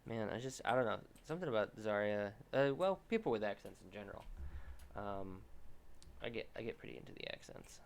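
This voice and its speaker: A young man with a gravelly, fairly low voice talks through his drawing on a stream. His commentary is casual and meandering, full of restarts as he thinks aloud. A faint hiss sits under the recording. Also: sing-song, fairly quick. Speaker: artist streaming a drawing session.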